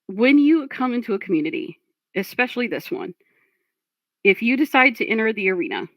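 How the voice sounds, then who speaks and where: A woman's voice: mid-range voice, fairly bright tone, dry recording. A woman streamer commenting on a clip, blunt and profane, lecturing her chat.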